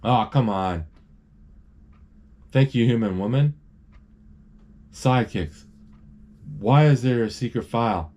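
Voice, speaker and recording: A man's voice: mid-range voice, takes it slowly, long pauses, a little mellow. A man narrating a cartoon film live in a casual, rambling way, restarting words and reading out characters' lines. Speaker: movie describer.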